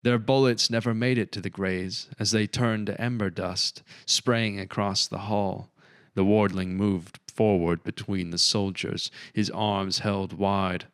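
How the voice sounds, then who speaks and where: A male audiobook narrator who reads with steady, measured storytelling. His low voice is smooth and resonant. The sound is dry and close, with no room around it. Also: dry recording. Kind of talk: scripted narration.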